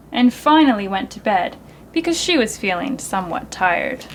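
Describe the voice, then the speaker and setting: A woman librarian reading a picture book aloud to children in a gentle, expressive, sing-song way. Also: medium pitch, moderate pace, slight background noise, poor audio. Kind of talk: storytime read-aloud for children.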